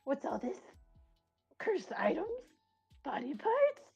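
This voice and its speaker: A woman's voice: high-pitched, huge pitch swings, slow, creaky, darkish tone, muffled recording, soft background music, voice pushed up, full character voice. A woman voicing a tiny, stern female goblin cleric who talks in a blunt, accusing way.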